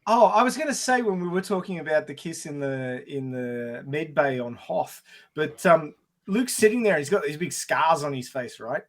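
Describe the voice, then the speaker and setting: A man co-hosting a podcast in casual chat, animated and laughing often, restarting sentences as he talks. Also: a little high, normal speed. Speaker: podcast co-host.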